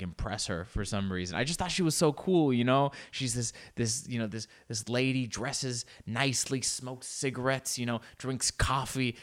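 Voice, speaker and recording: A man's voice: mid-range voice, fairly bright tone. A man telling a loose, rambling comic story with many fillers and playful asides. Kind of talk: storytelling comedy monologue.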